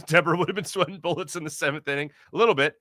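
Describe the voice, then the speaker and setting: A man hosts a live postgame sports podcast, reading out viewer comments with rambling, joking energy. His voice sits a bit high and rings very bright and forceful. The sound is dry and close, with no room around it. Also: fast, no room sound.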